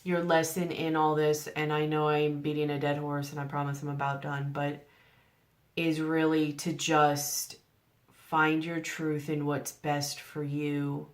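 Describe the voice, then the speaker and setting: A woman's voice: sits low, little pitch movement, unhurried. A woman giving a general tarot reading to camera, earnest and coaxing, asking the listener one rhetorical question after another. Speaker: tarot reader.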